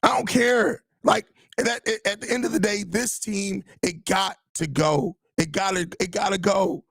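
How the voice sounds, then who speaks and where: A man hosts a sports podcast and rants with frustration and plenty of swearing, circling back to the same phrases. His voice sits fairly high and has a gravelly rasp. The recording is close and dry, with no room sound. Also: steady tone, measured pace, fairly bright tone, dry recording. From Chicago area. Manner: frustrated, profane ranting with repeated phrases. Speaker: podcast host. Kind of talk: live podcast reacting to chat.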